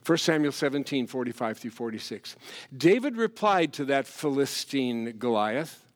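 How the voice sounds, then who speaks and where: A man preaching a sermon as pastor, animated, swinging from loud emphasis to hushed asides. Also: mid-range voice, measured pace.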